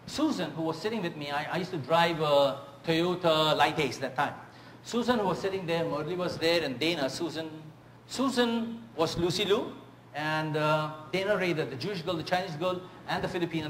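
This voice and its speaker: Animated male public speaking trainer. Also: on the high side, normal speed, slight background noise. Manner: animated, rhetorical check-ins with the audience. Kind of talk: seminar talk with storytelling. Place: workshop room with audience. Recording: echoey room with faint ambience.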